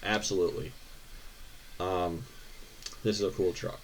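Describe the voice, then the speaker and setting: A man's voice: low voice, fairly even intonation, measured pace, slight background noise. A young American man hosting a car channel, ranting sarcastically and swearing as he reads viewer questions. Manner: profane, sarcastic, exasperated ranting. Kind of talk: ranting reaction to viewer posts.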